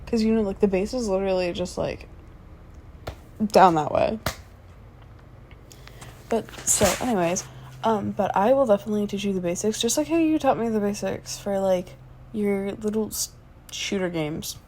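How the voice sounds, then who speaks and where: A woman's voice: mid-range voice, moderate pace, long pauses, darkish tone, slight background noise, natural voice. A woman in her twenties doing a whispered role-play as the listener's sleepy, chatty fiancée, rambling between yawns.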